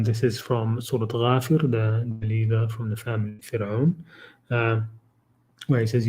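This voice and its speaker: A man leading a livestreamed Quran study, reciting verses quickly and then explaining them with many fillers and repeated "okay?" checks. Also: mid-range voice, mellow, poor audio. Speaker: Quran study group leader. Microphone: livestream microphone.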